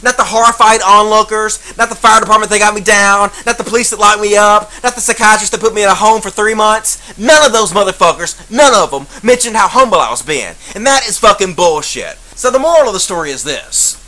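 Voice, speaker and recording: A man's voice: high voice, brisk, hardly any pauses, sharp tone, poor audio. A man, telling a profane, sarcastic comic story as a rant monologue. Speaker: comedian.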